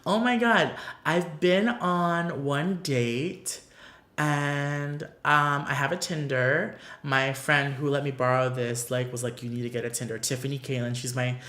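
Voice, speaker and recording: A man's voice: mid-range voice, steady tone, unhurried, pushed and bright. A man from Florida answering fan questions in a casual beauty vlog, gushing and emotional with many "like" fillers, seated before a paper backdrop. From Orlando, Florida, US. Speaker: beauty YouTuber. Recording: roomy echo.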